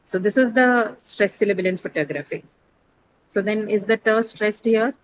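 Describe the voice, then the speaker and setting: A woman's voice: mid-range voice, moderate pace, low-quality recording. A woman teacher leads a pronunciation lesson in a classroom, asking her students questions as she goes. She explains each point step by step, hesitates on fillers and corrects her own slips. A faint hum of ambience sits behind her voice.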